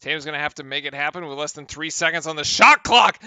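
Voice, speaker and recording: A man calling basketball play-by-play in a very bright, crisp voice. He snaps through the action with brisk energy. The sound is close and dry, with no room around it. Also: fairly high pitch, no echo. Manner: brisk, excited calls of the action. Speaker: play-by-play commentator.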